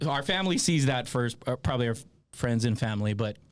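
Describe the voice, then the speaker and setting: A man's voice: mid-range voice, expressive, a little hiss or hum. A man hosting a casual podcast interview, an irreverent veteran who swears freely and laughs easily. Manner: irreverent, profane, quick to laugh.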